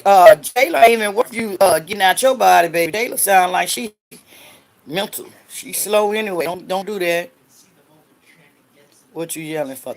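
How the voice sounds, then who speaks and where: Sixty-ish lady on a livestream, lower-pitched voice, going off on folks in AAVE, loud then muttering low. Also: normal speed, pauses often. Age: 60s. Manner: loud, cursing, trash-talking, swings between hollering and low muttering. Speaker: livestream host. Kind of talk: livestream chat answering viewers.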